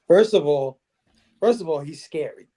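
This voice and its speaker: A man's voice: fairly high pitch, expressive, moderate pace, dark tone. A man co-hosting a casual movie review podcast, speaking emphatically and loosely. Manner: emphatic, peppers talk with "man" and "freaking". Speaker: podcast co-host.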